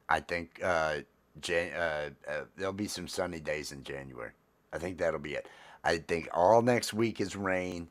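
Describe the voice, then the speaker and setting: A man with an extremely deep, low-pitched voice chats casually on his solo vlog. He rambles along with plenty of fillers and restarts as he thinks out loud. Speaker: vlogger.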